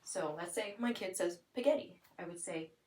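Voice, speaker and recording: A young adult woman demonstrating listening and speech strategies for parents, explaining plainly and acting out lively sing-song examples as if talking to a child. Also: lowish voice, normal speed, recorded from a distance, poor audio.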